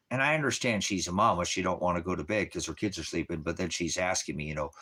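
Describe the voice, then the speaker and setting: A man's voice: deep voice, fast, bright, forceful tone, breathy edge. A man who leads a ministry, talking to viewers in a casual livestream, rambling, profane and emphatic. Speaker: ministry leader.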